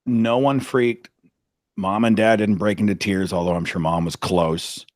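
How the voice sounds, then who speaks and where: Brief: low-voiced man, lively storyteller, dry close sound. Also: measured pace, no room sound. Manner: animated, dramatic retelling. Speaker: podcast host, guest. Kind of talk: anecdotal storytelling.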